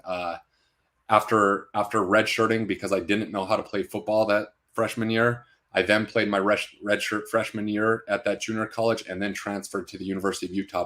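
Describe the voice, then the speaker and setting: Deep, flat-voiced man. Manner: plain, steady, says "man" often. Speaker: podcast guest, former pro football player. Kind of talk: conversational storytelling.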